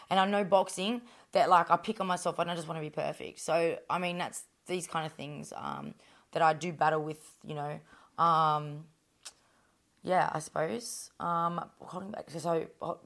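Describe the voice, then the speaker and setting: An Australian woman, a professional boxer, talking bluntly and rambling, with constant swearing, in an interview. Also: fairly low pitch. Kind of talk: candid interview chat.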